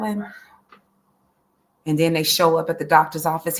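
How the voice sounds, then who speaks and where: Earnest, emphatic woman with a lowish voice. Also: steady tone, normal speed, long pauses. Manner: earnest, emphatic, repeats phrases, voice rises when upset. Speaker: interview guest, autism advocate. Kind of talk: emotional interview talk.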